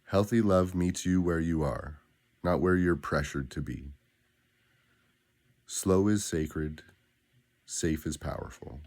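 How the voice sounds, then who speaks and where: A man guiding listeners through spoken daily affirmations, with a slow, deliberate, grounded delivery and pauses between phrases. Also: very deep voice, a little mellow. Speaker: affirmation guide.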